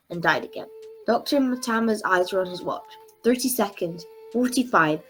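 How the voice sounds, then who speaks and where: A woman reading a book chapter aloud in a measured, expressive way. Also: medium pitch. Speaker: storybook reader.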